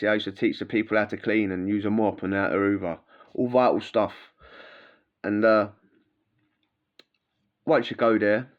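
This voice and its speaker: A man's voice: on the low side, muffled recording. A man telling stories casually in a rambling, slangy way, full of fillers and asides. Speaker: vlogger recounting prison life. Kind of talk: casual storytelling.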